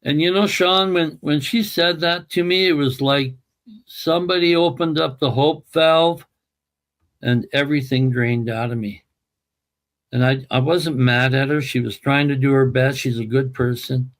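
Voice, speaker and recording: A man's voice: medium pitch, steady tone. A man as an interview guest, telling an emotional personal story in an earnest, emphatic way. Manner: earnest, emphatic, slow and deliberate.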